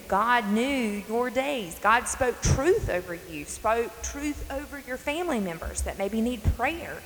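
A woman in her forties from North Carolina hosts a faith podcast from her front porch, her mid-range voice a bit bright and her Southern accent carrying an earnest, folksy, emphatic delivery. The recording has long reverb and faint hiss.

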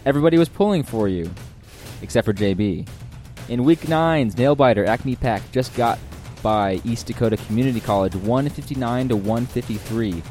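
A man's voice: mid-range voice, moderate pace, dark tone, faint music behind. Dry-humored man co-hosting a podcast. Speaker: podcast co-host. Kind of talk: casual podcast chat and recap reading.

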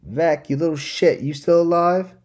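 A man's voice: medium pitch, normal speed, dark tone, voice pushed up, close to an everyday voice. A man voicing a tough, defiant young woman gang leader who talks in coarse slang, curt and grim.

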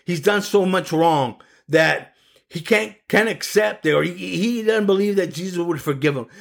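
A middle-aged male preacher with a gravelly voice that sits a little high. He delivers an earnest, emphatic sermon and keeps pressing his listeners with rhetorical questions. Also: normal speed.

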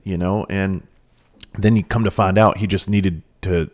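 Casting: man in his thirties, deep voice, ex-cop storyteller, profane and laid-back. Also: fairly even intonation, unhurried, a little mellow. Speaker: former police officer and firefighter. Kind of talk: casual storytelling.

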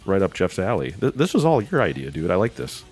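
A man's voice: low voice, wildly swooping pitch, fairly quick, darkish tone, husky, faint music behind. A man hosting a podcast in casual chat, bantering bluntly and teasing his co-host.

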